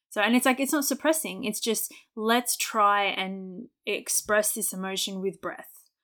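A young adult woman in a relaxed podcast chat, speaking with a mid-range pitch. She talks openly, laughs often and replays her own remarks in quoted bits. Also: normal speed. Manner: candid, laughs often, acts out her own past words. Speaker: podcast co-host. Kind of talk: casual chat.

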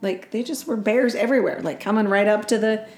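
A woman's voice: mid-range voice, fairly quick, darkish tone, slight background noise. A woman co-hosting a chat show, telling a story in a rambling, joking way and correcting herself as she goes. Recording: roomy echo.

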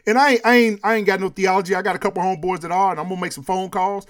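High-voiced, animated man talking sports. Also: very fast. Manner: animated, laughs often, repeats himself when making a point. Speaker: podcast co-host. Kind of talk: casual sports and culture chat.

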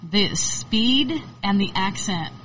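A woman's voice: medium pitch, animated, slow pace, a bit bright, distant mic, lo-fi sound, slight background noise. A woman musician chatting as an interview guest, rambling and laughing often. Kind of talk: casual interview chat.

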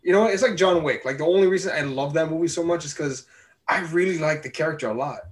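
Slightly high-voiced swearing male co-host. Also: quick pace. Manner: animated, swears a lot, loose and chatty. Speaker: podcast co-host. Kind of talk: casual movie review chat.

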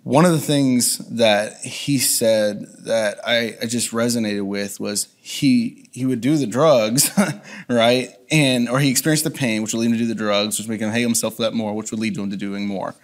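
A man's voice: medium pitch, fairly even intonation, moderate pace. A man reflectively sharing a personal testimony as an interview guest, with frequent restarts. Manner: earnest, reflective, many restarts.

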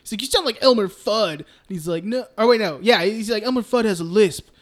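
Casual man recapping film scenes. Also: high-pitched. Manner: swears casually, recaps scenes, acts out characters in quick voices. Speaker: podcast co-host. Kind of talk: casual film podcast chat.

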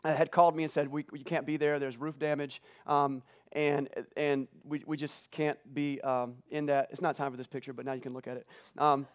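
A middle-aged man preaching a sermon to his church, telling a personal story in a loose conversational way. He talks quickly in a slightly raised voice, repeating words and choking up with feeling. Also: fairly high pitch, level tone. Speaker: pastor. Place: church auditorium.

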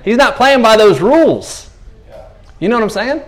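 A man preaching a sermon in a conversational, animated way, acting out the voices of the people in the stories he tells. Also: very high-pitched, moderate pace.

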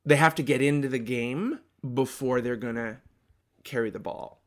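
A man's voice: mid-range voice, moderate pace, a bit bright. Man chatting with emphatic restarts. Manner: thinks aloud with restarts, emphatic. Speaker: podcast co-host. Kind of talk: casual chat about marketing.

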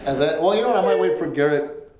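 A man's voice: a little high, lively intonation, fast, reverberant, crowd noise. A man co-hosting a podcast in casual chat, telling stories with lots of laughter and swearing, in a home studio. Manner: laughing storyteller, swears freely. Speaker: podcast co-host.

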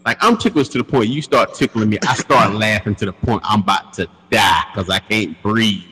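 A man telling a crude story in casual chat, laughing often and animated. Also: on the low side, fairly quick, in a large hall, poor audio.

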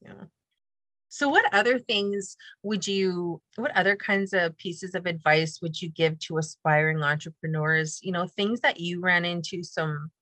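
A woman's voice: lowish voice, dry recording. Encouraging woman host, dry sound. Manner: warm, encouraging, affirming. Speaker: podcast host. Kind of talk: interview conversation.

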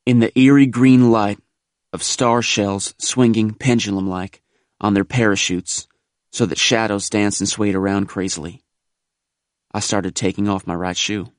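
A man reading a first-person war memoir aloud in a measured, grave audiobook narration. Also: on the low side, fairly even intonation, no echo, clean studio sound.

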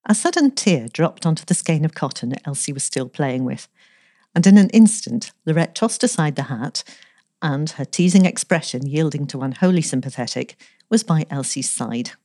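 Low, mellow woman reading a story. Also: lively intonation, normal speed, no room sound, studio quality. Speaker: story reader. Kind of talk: scripted narration with light character voices.

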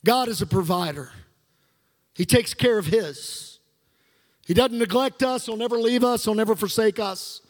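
A man's voice: high-pitched, normal speed. Man, middle-aged, pastor, fervent sermon, call-and-response, long hall reverb. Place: church sanctuary.

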